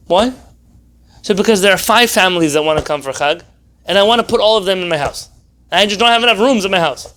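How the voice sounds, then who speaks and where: A man teaching an informal Torah class as a rabbi, animated and wry, firing off rhetorical questions and sarcastic asides. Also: sits high, quick pace.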